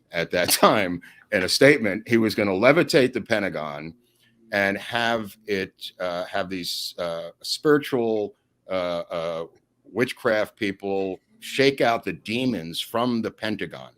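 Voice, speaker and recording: A man tells stories as an interview guest. His delivery is animated, and he laughs mid-sentence as he goes. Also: lowish voice. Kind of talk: storytelling anecdotes in an interview.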